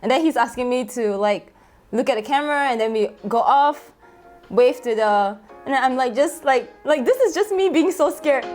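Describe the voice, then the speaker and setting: A young woman vlogger talking excitedly over her own video, full of exclamations and fillers, with faint music behind her. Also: on the high side. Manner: gushing, exclamatory, many fillers.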